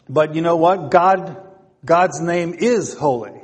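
A man preaching in a high voice at an unhurried pace. He keeps asking rhetorical questions and repeating his phrases. His words ring out with the long reverb of a large hall. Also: husky. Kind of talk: sermon.

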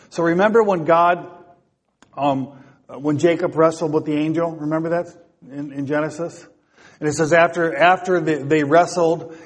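A man preaching in a high voice at an unhurried pace. He keeps asking rhetorical questions and repeating his phrases. His words ring out with the long reverb of a large hall. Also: slightly rough. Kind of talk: sermon.

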